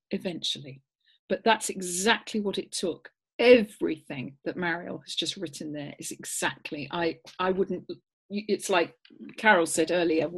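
A woman, a guest course leader, telling an animated story on a video call and dropping to a whisper at tender moments. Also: fairly low pitch, breathy edge. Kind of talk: storytelling on a webinar.

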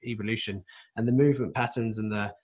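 A man's voice: fairly low pitch, fairly even intonation, fast talker, a little mellow, husky. A man hosting a webinar, reading out course dates in a loose, hesitant way over a video call. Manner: loose, hesitant announcing with fillers. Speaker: webinar host.

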